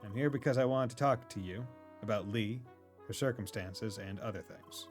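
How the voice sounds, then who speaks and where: A man's voice: fairly low pitch, normal speed, soft background music, natural voice. Man reading a stiff, formal secretive man.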